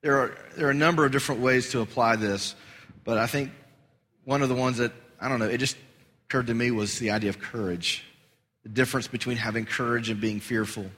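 A man preaching a sermon as pastor, animated and rising high and loud for emphasis. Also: brisk. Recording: long hall reverb.

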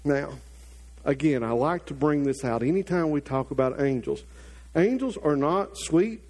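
A middle-aged male pastor preaching a sermon, telling a story with lively acted-out quotes and asides to the congregation. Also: high voice.

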